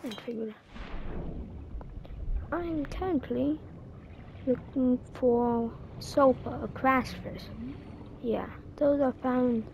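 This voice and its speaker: A young woman giving casual, chatty commentary as she plays a game, with quick excited exclamations. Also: sits high, gravelly, dull audio, a little hiss or hum. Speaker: gamer. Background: game music.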